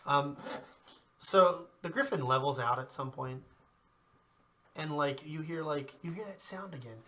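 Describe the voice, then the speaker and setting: Bright-voiced game master narrating. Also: male voice, on the high side, unhurried. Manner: casual, laughing often while narrating.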